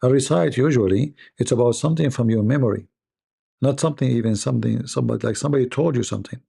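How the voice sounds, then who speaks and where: A man reacting to a clip with mocking, rambling commentary in broken English. His voice is gravelly, husky and mellow. He keeps circling back to his own point. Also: mid-range voice, fast. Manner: sarcastic, non-native grammar, rambling asides.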